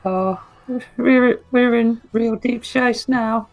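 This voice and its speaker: A player in a tabletop fantasy game speaks calmly and in an understated way, partly in character. Faint music plays underneath. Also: medium pitch, takes it slowly.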